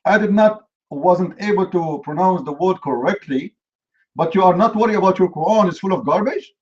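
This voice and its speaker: A man's voice: high-pitched, moderate pace, muffled recording. A man hosting a live online debate, mocking and lecturing his opponent in a combative way. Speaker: debate host.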